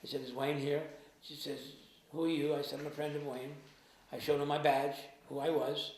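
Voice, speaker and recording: A man being interviewed, recounting past events in a halting way, often trailing off quietly. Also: a little high, level tone. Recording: echoey room with faint noise.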